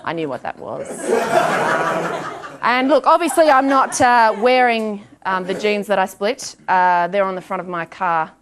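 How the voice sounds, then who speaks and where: A young woman doing a stand-up comedy set on stage, self-deprecating, with quick asides and acted-out quotes. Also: mid-range voice. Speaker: stand-up comic. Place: comedy stage before live audience. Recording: live room with audience laughter and noise.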